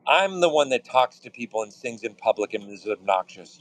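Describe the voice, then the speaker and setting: Swearing guy on an art stream, voice all over the place, jumps into silly high voices, dry close sound. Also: moderate pace, no room sound, rough recording. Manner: animated, profane, bursts into high mock voices and snatches of song. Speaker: artist streaming his work. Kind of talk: casual storytelling chat.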